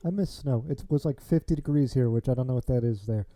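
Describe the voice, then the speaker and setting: A man's voice: medium pitch, quick pace, warm tone. A man hosting a casual car podcast, easygoing and joking, often murmuring agreement. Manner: easygoing, joking, many "mm-hmm"s. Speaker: podcast host. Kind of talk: casual chat.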